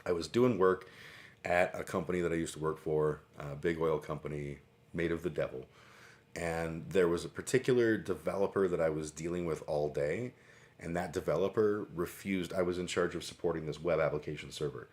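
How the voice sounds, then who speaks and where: Man, very low voice, casual livestream monologue, rambling, profane, lots of ums. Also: brisk, darkish tone. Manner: rambling storyteller, swears freely, many fillers. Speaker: livestream host.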